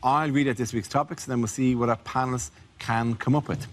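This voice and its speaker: A man hosting a comedy panel show, announcing the next round in a brisk, measured way. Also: medium pitch, steady tone, a little hiss or hum. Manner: brisk, measured presenter delivery. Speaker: host.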